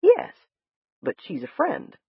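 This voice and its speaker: A woman voicing a gentle male doctor who coaxes and reassures a frightened patient. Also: high-pitched, huge pitch swings, slow pace, breathy edge, no echo, pitched above the performer's own voice, full character voice. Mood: reassuring. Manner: coaxing, reassuring. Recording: dull lo-fi dry recording.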